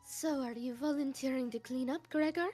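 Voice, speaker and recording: A woman's voice: sits high, steady tone, moderate pace, warm tone, faint music behind. A woman reading a teasing young woman's game lines. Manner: reading game dialogue aloud, playful.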